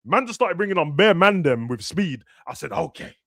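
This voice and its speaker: A man's voice: high-pitched, very animated, normal speed, sharp tone, dry recording, clean studio sound. A young man, chatting casually about football and acting out players' words in slangy talk. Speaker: football podcast host. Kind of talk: casual chat.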